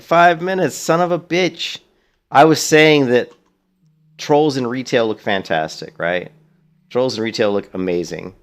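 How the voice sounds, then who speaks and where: A man's voice: medium pitch, vocal fry. A man streaming a video game, chatting casually in a rambling, profane way. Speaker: let's play streamer. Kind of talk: casual gaming commentary.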